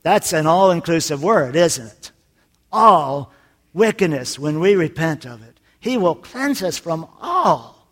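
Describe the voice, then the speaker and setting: A man preaching a sermon in a folksy way, telling jokes and moving from soft, confiding lines to loud, emphatic ones. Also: fairly high pitch, sing-song, slow pace. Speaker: pastor.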